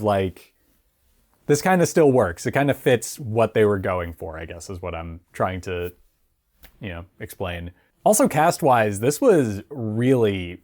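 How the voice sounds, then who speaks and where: A man's voice: medium pitch, a little mellow. A man giving a casual spoken film review, rambling and chatty with many fillers and frequent laughs.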